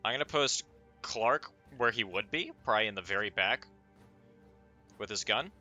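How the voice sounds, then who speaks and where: A man narrating a tabletop game as game master, halting often with filler sounds as he goes. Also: on the low side, lively intonation, sharp tone, soft background music.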